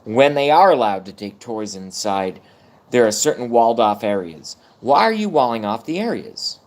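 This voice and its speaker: A man's voice: medium pitch, very animated, normal speed. A middle-aged man ranting casually on a livestream, rambling and swearing while chatting with viewers. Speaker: livestream host.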